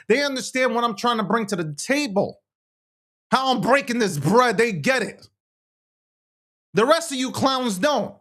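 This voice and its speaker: A man's voice: very high voice, a bit bright. A man hosting a show, ranting in heated, profane, sarcastic commentary. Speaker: show host.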